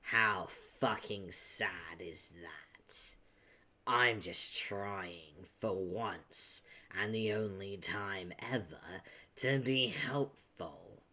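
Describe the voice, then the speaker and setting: A man puts on a stoic young man with a deep Texan drawl who speaks slowly and flatly. His words sink into rough whispers at times. It is a comic read-aloud with a very low, unhurried delivery. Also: heavily acted. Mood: menacing. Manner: slow, flat menace, drops to whispers.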